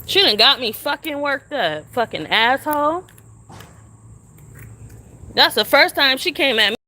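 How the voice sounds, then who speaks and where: Outside at a shelter, a young woman streams a profane, confrontational rant on her phone, repeating the same questions relentlessly. Her high-pitched voice is animated, pushed and bright, yet her pace is a little slow.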